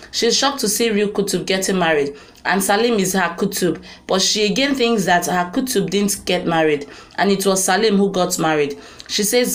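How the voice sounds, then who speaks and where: A woman narrating a drama episode recap in a plain, steady read-aloud way. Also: mid-range voice, moderate pace.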